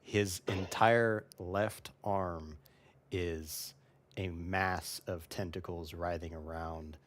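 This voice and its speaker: Guy with a really deep voice running a tabletop game, lots of ums. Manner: relaxed, halting narration with fillers. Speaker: game master.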